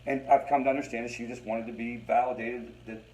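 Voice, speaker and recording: A man's voice: mid-range voice, little pitch movement, fast, mellow, low-quality recording. A man leading a family recovery group, talking conversationally to the room, repeating phrases for emphasis and calling his listeners "guys.". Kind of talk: informal teaching talk to a support group.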